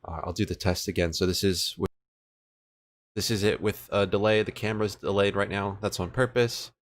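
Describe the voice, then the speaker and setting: A man's voice: lowish voice, fairly even intonation, a little fast. Laid-back young man chatting on a stream. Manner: laid-back, chatty, answers viewers' chat as he works. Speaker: livestreamer coding a game server. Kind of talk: casual livestream chat. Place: home room with an air conditioner running. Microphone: desk microphone, switching between two.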